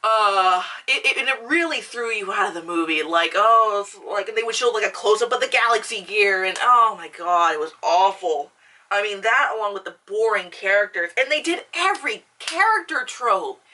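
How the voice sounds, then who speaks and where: A woman's voice: mid-range voice, expressive, moderate pace, bright, forceful tone, recorded from a distance. A young woman vlogger ranting casually about a film, swearing often, full of fillers and restarts. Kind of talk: casual rant.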